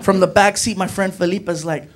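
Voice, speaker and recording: A man doing stand-up, telling an animated road-trip story and acting out friends' voices. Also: brisk. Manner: animated, acts out voices of friends with high shouts. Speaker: stand-up comedian. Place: comedy club stage with audience.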